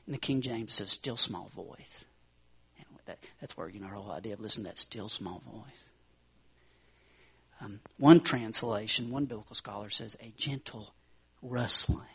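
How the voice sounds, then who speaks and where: A man preaching a sermon, retelling a scripture story with dramatic swings from loud, emphatic lines to hushed whispers. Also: on the low side, normal speed, husky.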